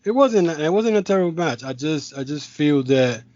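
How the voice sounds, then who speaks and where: A man's voice: a little high, animated, normal speed, a little mellow, no echo, muffled recording. Rambling man on a casual podcast. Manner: rambling, with many restarts and filler. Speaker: podcast host. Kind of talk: casual chat.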